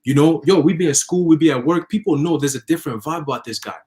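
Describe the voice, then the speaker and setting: A man in a casual religious conversation, telling stories with lively acted-out quotes. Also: fairly high pitch, fast. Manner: animated storytelling, acting out imagined people. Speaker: religious discussion participant.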